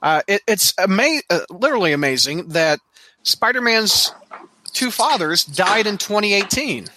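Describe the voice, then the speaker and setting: A man hosting a podcast, introducing a panel in a lively, earnest way. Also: sits high, normal speed. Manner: lively, earnest, speaks with fillers. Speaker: podcast host.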